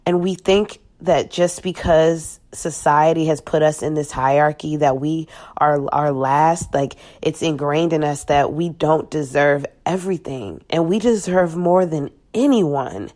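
Low-voiced woman speaking bluntly. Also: darkish tone. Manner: blunt and profane, with halting restarts. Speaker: podcast guest. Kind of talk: candid personal reflection.

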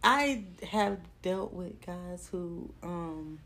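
A woman's voice: on the low side, lively intonation, takes it slowly, fairly bright tone. A woman who is a guest on a podcast, talking frankly and confidently. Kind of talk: candid casual chat.

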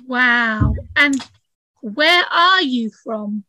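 A woman's voice: fairly high pitch, animated, extremely slow, sharp tone. A woman hosting a casual interview podcast, eager and chatty, with many "uh" fillers. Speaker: podcast host.

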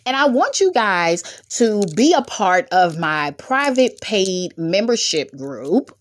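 A woman hosting her own podcast, exhorting listeners in a bubbly, humorous, preachy way with sudden jumps in pitch. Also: big pitch swings, takes it slowly, few pauses. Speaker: podcast host. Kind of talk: preachy motivational podcast talk.

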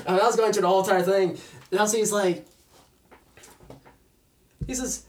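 A man's voice: high voice, quick pace, pauses often. Young man, casual storyteller, laughs a lot and plays out quotes. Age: young adult. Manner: animated, laughing often, acting out quoted voices.

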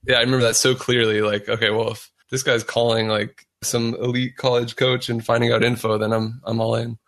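A man hosting a podcast interview, recalling stories in a steady, reflective way. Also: medium pitch, a little fast. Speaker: podcast host.

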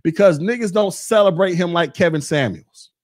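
A man's voice: sits high, normal speed. A man in his forties hosting a podcast, ranting bluntly with mocking, profane talk. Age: 40s. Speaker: podcast host. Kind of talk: casual rant.

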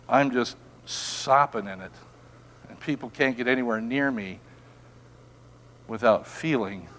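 A man preaching a sermon as pastor in a church, animated, with rhetorical questions and soft, emphatic repeated words. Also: a little high, in a large hall. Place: church sanctuary.

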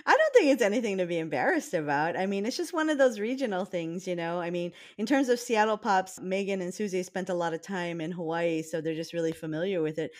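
A woman's voice: lowish voice, animated, fast, hardly any pauses, a little mellow. A woman co-hosting a food podcast, chatting casually and playfully, laughing often. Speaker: podcast co-host. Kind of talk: casual chat.

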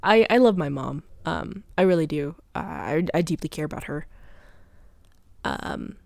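A woman's voice: sits low, expressive, unhurried, creaky, a little mellow, no echo, studio quality. A young woman talking through a personal diary podcast, rambling and confessional, full of fillers. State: teary.

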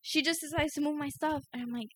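A young woman from the United States in casual chat, telling stories in a relaxed way, full of "like" and laughter. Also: high-pitched, fast, background noise. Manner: relaxed, filler-heavy storytelling with frequent laughs.

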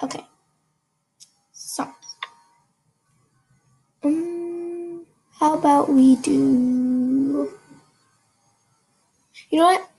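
A woman's voice: high-pitched, fairly even intonation, extremely slow, gravelly, long pauses, warm tone, soft background music, rough recording. A young woman in casual chat, mostly offering brief, encouraging reactions to a friend.

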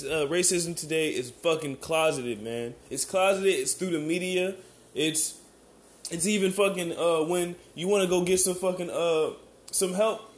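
An American man delivers a heated, rambling rant in a somewhat high voice. His talk is full of profanity and restarts. He keeps checking in with the listener. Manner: keeps asking "you know what I'm saying". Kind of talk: ranting monologue.

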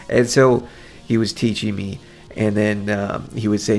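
Guy with a gravelly voice rambling on his podcast, kinda self-deprecating, soft music behind. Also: lowish voice, a little slow. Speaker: podcast host. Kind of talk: casual solo podcast monologue.

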